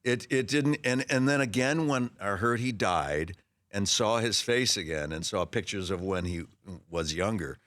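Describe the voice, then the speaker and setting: A man in his sixties, a guest telling stories in a casual interview, lively and animated, acting out voices in his anecdotes with frequent restarts. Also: fairly low pitch, moderate pace, dry recording, studio quality. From Los Angeles area. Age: 60s. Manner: frequent restarts and repeated words. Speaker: actor guest.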